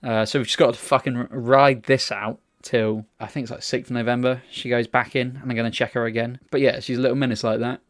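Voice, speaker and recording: A man's voice: medium pitch, level tone, quick pace, hardly any pauses. A man co-hosting a casual podcast, telling rambling, sweary stories full of restarts. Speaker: podcast co-host. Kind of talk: casual chat.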